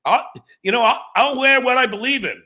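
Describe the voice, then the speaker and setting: A man's voice: extremely high pitch, a little fast, bright, forceful tone. A middle-aged man hosting a livestream, telling stories and talking politics with lots of swearing and stammering restarts. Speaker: livestream host. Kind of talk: political chat and storytelling.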